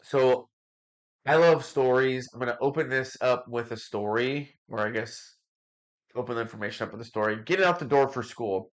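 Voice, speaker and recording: A male parent coach hosts his podcast in a relaxed, casual way. He uses fillers and trips over names now and then. His voice sits at a middle pitch. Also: normal speed.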